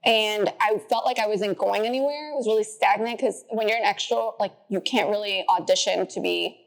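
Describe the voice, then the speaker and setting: A young woman in her twenties, a podcast guest telling stories in a chatty way, filling her talk with "like" and jumping higher when she quotes people. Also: brisk, creaky. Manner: chatty, says "like" often, acts out quotes in a high voice. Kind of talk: casual interview storytelling.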